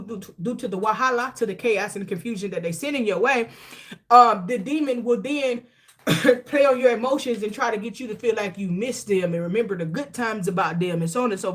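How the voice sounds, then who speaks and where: Emphatic preachy woman, higher voice. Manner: emphatic, repetitive, preachy advice-giving; slangy, loose conversational talk. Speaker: tarot reader and spiritual coach. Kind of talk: casual spiritual tarot reading.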